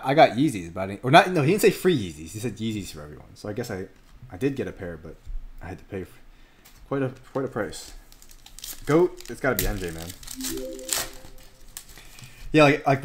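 A man's voice: fairly low pitch, fast talker, long pauses. A man hosting a casual card break stream, joking around and chatting while opening packs. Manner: joking, animated, laughs often. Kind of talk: casual livestream commentary.

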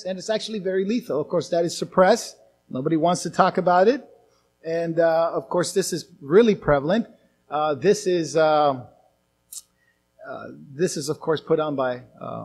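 A male pastor preaching a conference sermon, animated, slipping into mocking quoted voices. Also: a little high, slight background noise. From outside the US.

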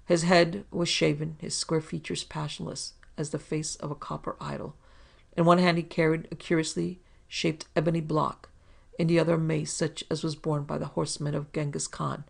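A woman reads a pulp adventure tale aloud with measured, even pacing. Her voice is gravelly and husky, with a flat pitch that barely moves. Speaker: narrator and producer. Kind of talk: scripted narration of a pulp adventure story.

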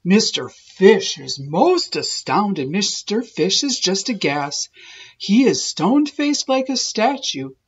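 A woman narrates a rhyming children's picture book in a slow, lilting read-aloud. Her lower, husky voice rises and falls widely. The recording sounds dull and lo-fi. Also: big pitch swings. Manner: slow, sing-song rhyming delivery. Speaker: storybook reader.

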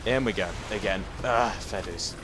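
A man giving casual, chatty gameplay commentary with excitable outbursts and self-mocking asides. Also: fairly low pitch, normal speed. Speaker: let's play commentator. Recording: game audio noise under the voice.

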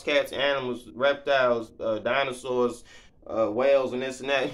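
A man teaching the Bible in a casual, folksy way, laughing often and stumbling over his words in his excitement. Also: medium pitch, moderate pace. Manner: folksy, conversational. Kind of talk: casual Bible reading and commentary.

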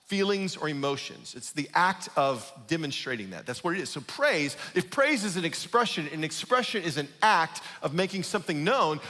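A pastor giving a conversational, emphatic sermon, often checking in with the congregation. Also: male voice, high-pitched, sharp tone, in a large hall. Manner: conversational, emphatic, asks "right?".

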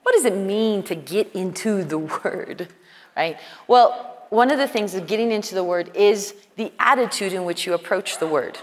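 A woman's voice: medium pitch, moderate pace. A woman preaching at a women's conference, earnest and conversational, often quoting dialogue. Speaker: conference speaker. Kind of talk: sermon. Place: large conference hall. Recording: hall reverb.

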